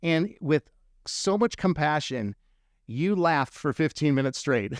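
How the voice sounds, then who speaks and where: A man hosting a podcast, telling a story in a lively, animated way with quick asides. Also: a little high, no echo, studio quality. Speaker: podcast host. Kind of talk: casual storytelling chat.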